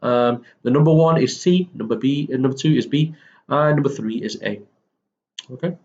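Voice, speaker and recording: A man's voice: mid-range voice, moderate pace, a little mellow, lo-fi sound. A man walking students through a textbook English lesson in a casual way, with many fillers and self-corrections. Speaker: English teacher. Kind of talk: recorded textbook lesson walkthrough.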